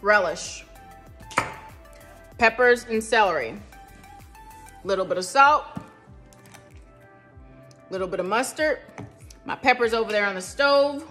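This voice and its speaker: Slow-talking woman hosting a home cooking vlog. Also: a little high, expressive, a bit bright, soft background music. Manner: chatty, addresses viewers directly. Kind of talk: casual cooking demo talk. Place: home kitchen.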